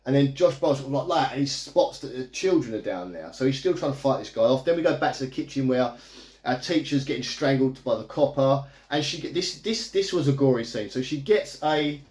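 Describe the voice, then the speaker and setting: A man's voice: mid-range voice, lively intonation, a little fast, darkish tone. Chatty man recapping a film. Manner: chatty plot recap, amused, loose and rambling with fillers. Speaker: movie reviewer. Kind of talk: casual movie review vlog. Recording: echoey room.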